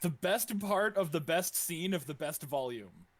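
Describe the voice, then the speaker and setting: A man's voice: a little high, lively intonation, a little slow, no room sound. A man co-hosting a casual fan podcast, joking around and laughing often as he stumbles through restarts. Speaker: podcast co-host. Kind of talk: casual chat.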